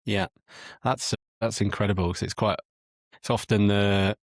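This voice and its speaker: A male podcast host asking gently probing questions and giving brief affirmations. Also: on the low side, steady tone, unhurried, dry recording, clean studio sound. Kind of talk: interview questions.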